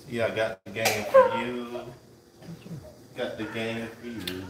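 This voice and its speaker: A man's voice: lowish voice, steady tone, takes it slowly. Offscreen man, teasing asides; distant, very echoey and noisy.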